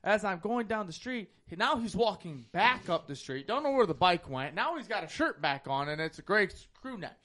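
A man telling a story in casual chat on a podcast, animated and profane, acting out the people in it. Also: high-pitched, moderate pace, few pauses. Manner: animated, profane, acts out other people's lines.

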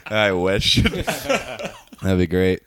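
A man's voice: sits low, huge pitch swings, extremely slow, fairly bright tone. A man, a podcast guest, easygoing and self-deprecating in casual chat.

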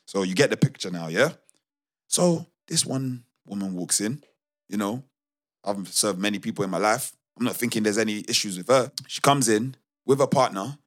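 A young man with a fairly low voice tells his stories casually, using slang and often stopping to restart his sentences. He gets lively as he goes, and his delivery stays loose and conversational. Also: moderate pace. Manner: animated, slangy, many restarts. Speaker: podcast co-host. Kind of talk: casual storytelling chat.

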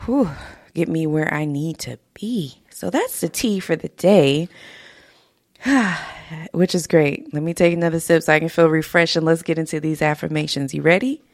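Speaking at a moderate pace in a low voice, a woman hosts a casual motivational podcast, heartfelt, a bit emotional, and laughing often. The home-studio podcast microphone gives studio-quality sound without echo.

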